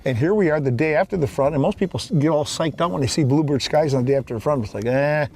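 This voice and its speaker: A man's voice: on the high side, very fast, slight background noise. Folksy man hosting a fishing show. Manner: excited, folksy, addresses viewers as folks. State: out of breath after lifting fish. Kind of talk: outdoor fishing show banter. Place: on a boat out on a lake.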